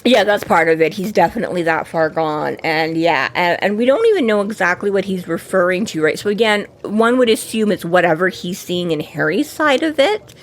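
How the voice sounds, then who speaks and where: Rambling woman podcast co-host, low voice. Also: lively intonation, brisk, few pauses. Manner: rambling, many fillers and quoted asides. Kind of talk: casual book discussion chat.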